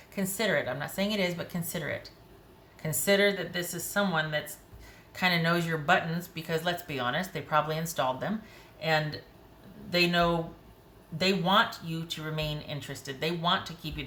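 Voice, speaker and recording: Woman, tarot reader, low-pitched, candid and conversational, faint hiss in an echoey room. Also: fairly bright tone. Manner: frank, conversational, talks to herself while pulling cards. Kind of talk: tarot reading to camera.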